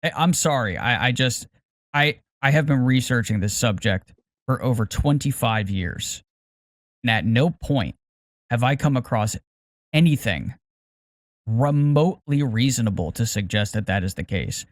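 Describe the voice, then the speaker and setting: Cautious, halting man on a podcast. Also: medium pitch, expressive, dry recording, clean studio sound. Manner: careful, hesitant, repeats words while choosing them. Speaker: podcast co-host. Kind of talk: casual podcast chat.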